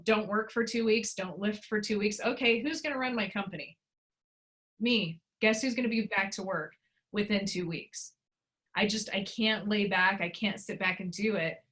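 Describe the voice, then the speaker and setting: A woman's voice: medium pitch, a bit bright. A woman in her thirties in an interview, speaking bluntly and emphatically about her frustration. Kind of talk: emotional personal interview.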